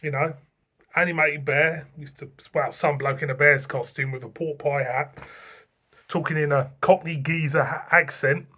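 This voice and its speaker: Chatty middle-aged English beer vlogger. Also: male voice, fairly high pitch, fairly even intonation, normal speed, bright, forceful tone, husky. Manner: chatty, rambling, chuckles to himself. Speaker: beer reviewer. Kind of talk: casual beer review vlog.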